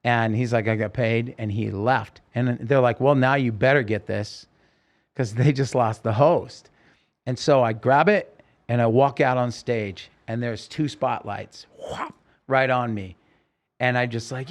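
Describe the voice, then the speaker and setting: A middle-aged man telling a story as a podcast guest, lively and acting out the voices of the people he quotes. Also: mid-range voice. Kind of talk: casual storytelling interview.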